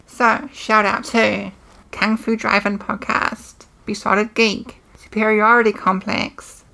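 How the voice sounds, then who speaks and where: A woman co-hosting a podcast, chatting and running through shout-outs in an upbeat, matter-of-fact way. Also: mid-range voice, level tone, takes it slowly, creaky. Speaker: podcast co-host. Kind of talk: casual chat, reading shout-outs.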